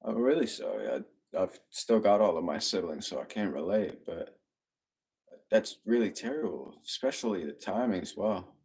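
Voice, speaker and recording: Low-voiced man, chatty live-streamer. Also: lively intonation, normal speed, darkish tone. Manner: upbeat, laughs often, talks to his dogs. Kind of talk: casual live-stream chat reading comments.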